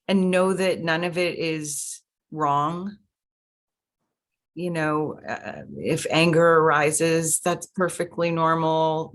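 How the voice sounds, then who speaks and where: A woman comforting another person on a video call in a gentle, reassuring way. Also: low voice. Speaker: study group member.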